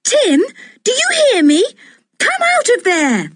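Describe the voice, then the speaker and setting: A woman doing a high, urgent young girl for a storybook. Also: very animated, measured pace, no echo, studio quality. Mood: scolding. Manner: high-pitched, urgent calling. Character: young girl, tomboyish, stubborn, fiercely loyal to her dog.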